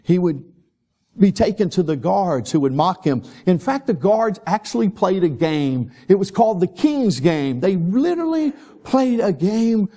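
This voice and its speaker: Male pastor, high voice, mellow dark tone, church sermon. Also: sing-song, unhurried. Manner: impassioned preaching, dropping to a soft prayer. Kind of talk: sermon and closing prayer. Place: church sanctuary.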